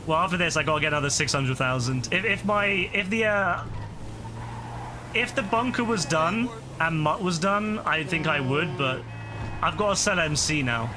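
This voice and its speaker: In live gameplay commentary, a weary streamer with a fairly high-pitched voice speaks at an ordinary pace. He exclaims in frustration at the game and at himself as his voice begins to crack, with the game audio clearly audible underneath.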